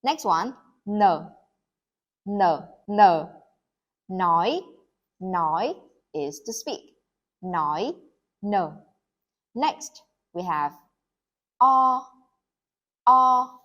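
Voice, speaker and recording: Slow, patient Vietnamese-accented woman tutor. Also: medium pitch, expressive, fairly bright tone, muffled recording. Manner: repeats each sound slowly and invites the listener to say it along. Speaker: language tutor. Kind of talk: slow, clear pronunciation lesson.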